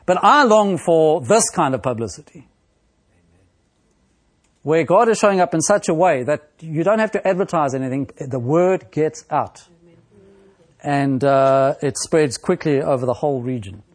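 Male preacher, slightly high voice, deliberate expository sermon delivery, pauses often. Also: lively intonation. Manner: slow and deliberate, with frequent pauses and fillers.

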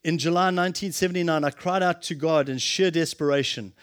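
A man preaching a sermon, impassioned, swinging from loud exclamations to hushed, earnest tones. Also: a little high, fairly quick.

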